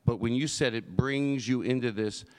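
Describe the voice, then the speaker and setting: A man's voice: mid-range voice, normal speed, a little mellow, no echo. A man hosting a podcast in casual chat, talking in a rambling, self-interrupting way. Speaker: podcast host. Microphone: headphones and studio mic.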